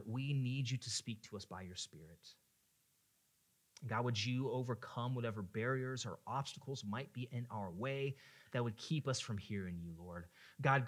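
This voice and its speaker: A man preaching a sermon as a pastor, earnest, at times swelling into impassioned pleading and at times dropping to a hush. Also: mid-range voice. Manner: earnest, rises to impassioned pleading in voiced prayers.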